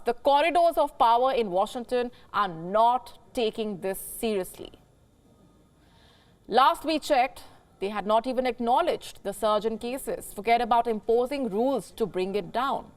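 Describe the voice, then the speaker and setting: A woman news anchor delivering scripted commentary emphatically, quoting experts and posing rhetorical questions to the viewer. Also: a little high.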